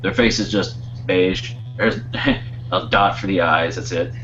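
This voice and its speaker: A man's voice: low-pitched, steady tone, a little slow, sharp tone, muffled recording, a little hiss or hum. A man co-hosting a podcast in casual chat, meandering through his thoughts and losing his train of thought. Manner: meandering, wanders off mid-thought. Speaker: podcast co-host.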